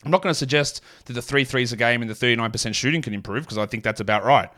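A mid-pitched man from Australia with a mild Australian accent, hosting a solo sports podcast. He rattles off statistics quickly and breaks them up with casual asides. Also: fairly bright tone. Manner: rapid stat-heavy delivery with asides. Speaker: fantasy basketball podcast host.

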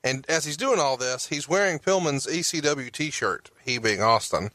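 A man's voice: mid-range voice, animated, moderate pace, pushed and bright, dry recording. A man hosting a podcast, walking through a recap of events with occasional profane outbursts. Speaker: podcast host.

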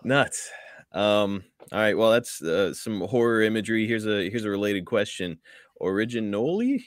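A man's voice: fairly low pitch, expressive, moderate pace, no room sound, clean studio sound. A man hosting a podcast, asking questions in an easygoing way and laughing along. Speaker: podcast host. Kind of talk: casual interview chat.

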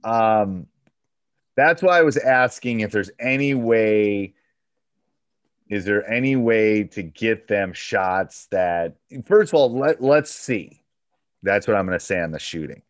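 A man's voice: lowish voice, expressive, slow, no echo, studio quality. A man, a basketball coach and podcast host, giving coaching advice on a one-on-one call and acting out back-and-forth dialogue as he talks.

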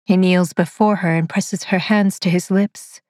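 A woman narrating a dark science-fiction story in a measured, deliberate way. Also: fairly low pitch, steady tone, no echo, studio quality.

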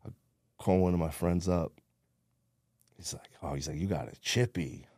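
A man's voice: low voice, normal speed, a little mellow, no echo, clean studio sound. A man from New Jersey with a New Jersey accent, telling his story bluntly in a casual interview, swearing freely and acting out what people said. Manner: streetwise, blunt, swears a lot, acts out quotes. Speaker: podcast guest.

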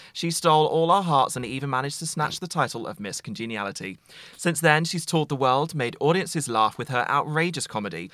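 A man's voice: mid-range voice, a bit bright, dry recording, clean studio sound. A man hosting a podcast, reading an intro and then chatting and teasing his guest. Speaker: podcast host. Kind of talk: scripted intro then casual interview chat.

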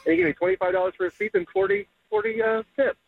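Male radio caller, quick and gravelly, sheepish, over a tinny phone line. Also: very high-pitched, animated. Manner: rambling, sheepish. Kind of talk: call-in story on radio.

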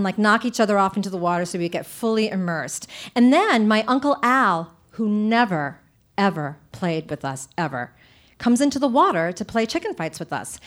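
A woman telling a funny personal story live on stage before an audience, lively and animated, with lots of "like" fillers. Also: medium pitch. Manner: lively, comic, animated, frequent "like".

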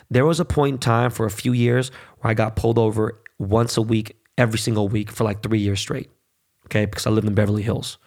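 A man's voice: fairly low pitch, creaky, darkish tone. A man hosting a podcast, talking bluntly and profanely in a heated, casual monologue. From United States. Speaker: podcast host.

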